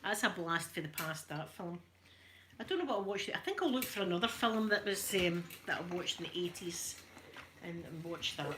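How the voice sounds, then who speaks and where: A woman's voice: lowish voice, lively intonation, normal speed, a bit bright, a little hiss or hum. A middle-aged Scottish woman chatting casually while ironing, rambling from one story to the next. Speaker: ASMR creator.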